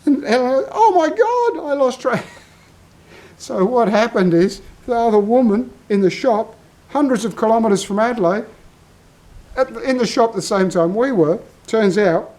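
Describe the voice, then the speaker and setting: A man's voice: sits high, a little mellow, slight background noise, low-quality recording. An older Australian man telling a long story in a casual vlog, drifting off on tangents. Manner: rambling, self-interrupting storyteller. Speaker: vlogger.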